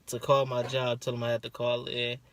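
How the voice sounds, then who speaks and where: A man's voice: mid-range voice, completely flat delivery, fairly quick, a bit bright, no room sound. Laid-back young man chatting casually. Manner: laid-back, slangy, a bit hesitant. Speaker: co-host, her partner. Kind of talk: casual storytelling chat.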